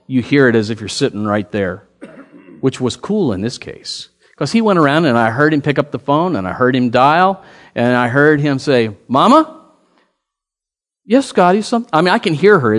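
This pastor has a medium-pitched voice, and the sound is that of a big room. Animated throughout, he recounts a story with quoted dialogue as part of his sermon, building to emphatic appeals to the congregation.

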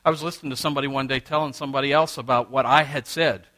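Bright-voiced man preaching a sermon. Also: fairly even intonation, racing. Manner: preaching with wide swings in pitch and loudness, acting out quoted exchanges. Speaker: pastor.

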